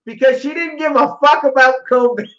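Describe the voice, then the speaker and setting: A man's voice: very high voice, steady tone, a little fast, fairly bright tone. A man in casual podcast chat, skeptical and profane, laughing often. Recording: echoey, dull-sounding mic.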